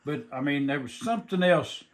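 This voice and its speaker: An older man, a taxidermist chatting casually, talking slowly with halting restarts and rural grammar. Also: on the high side. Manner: slow, halting, repeats words, rural grammar. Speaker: taxidermist guest. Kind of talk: casual chat.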